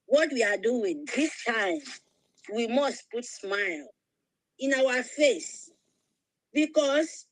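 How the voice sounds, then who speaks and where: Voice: mid-range voice, a bit bright, no echo, poor audio. A speaker joining an online voice room, happily greeting each listener by name. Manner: happy, laughing, greeting everyone by name.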